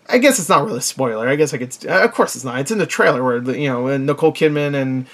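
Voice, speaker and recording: A man's voice: fairly high pitch, lively intonation, fast talker, few pauses, a bit bright. A man giving a casual, rambling movie review, with lots of fillers and self-corrections and frequent chuckles.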